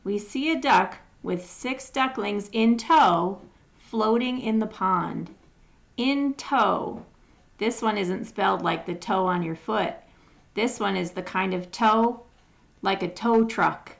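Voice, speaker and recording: A woman teaching phonics, sounding out words one at a time in a patient, drawn-out way as she reads through a lesson. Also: medium pitch, gravelly. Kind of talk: slow phonics lesson reading.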